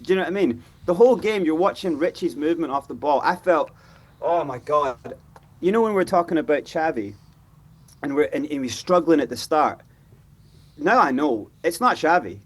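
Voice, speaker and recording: A high, husky-voiced man talks football on a fan panel. He is animated and mimics players' voices as he makes his points. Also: normal speed. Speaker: fan pundit. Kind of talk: football fan show discussion.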